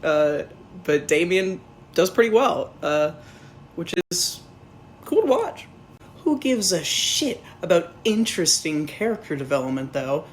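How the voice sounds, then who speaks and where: A man's voice: on the high side, very animated, a little slow, slight background noise. A man casually reviewing a film in a rambling, profane, sarcastic way.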